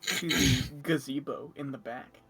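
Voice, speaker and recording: Slow, quiet game player. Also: male voice, medium pitch, husky, soft background music. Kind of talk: casual tabletop play.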